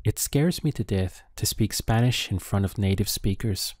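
A man teaching a language lesson, enunciating each phrase slowly and carefully. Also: on the low side, darkish tone, dry recording, clean studio sound.

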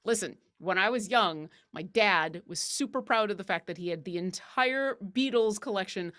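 A woman's voice: mid-range voice, normal speed, a bit bright. A woman co-hosting a livestream, chatting casually while painting miniatures, rambling and laughing often. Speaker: co-host of a painting stream.

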